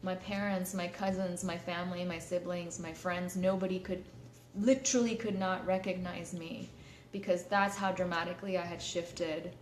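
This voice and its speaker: Lower-voiced woman talking candidly to viewers, lots of ums, echoey room. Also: steady tone, normal speed, slight background noise. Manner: candid, many fillers and restarts. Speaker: live-stream host. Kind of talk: candid personal talk to live viewers. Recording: echoey room, faint ambience.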